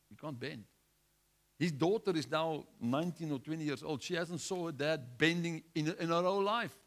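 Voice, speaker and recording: A man's voice: on the high side, fairly bright tone. A man preaching a sermon, exhorting his listeners with repetition and restarts.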